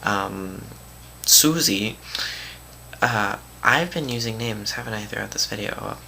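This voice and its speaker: Teen guy, vlog rant; bright, gravelly voice, faint hiss behind, acts out the quotes. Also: on the low side, slow. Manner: animated, dramatic retelling with mocking quotes. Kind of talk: casual vlog storytelling.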